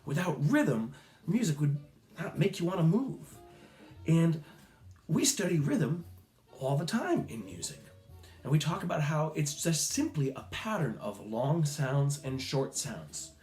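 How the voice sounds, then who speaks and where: Guy teaching kids music, slow and patient, bouncy voice, echoey room, some music in the back. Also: on the high side, sing-song, a little mellow. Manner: slow, patient and encouraging, with playful animal sounds. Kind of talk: recorded music lesson for children.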